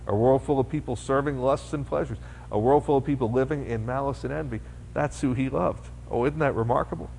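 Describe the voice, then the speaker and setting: A man's voice: medium pitch, a little mellow. A man preaching a conversational sermon, asking rhetorical questions and voicing his listeners' imagined objections. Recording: faint hum, long reverb.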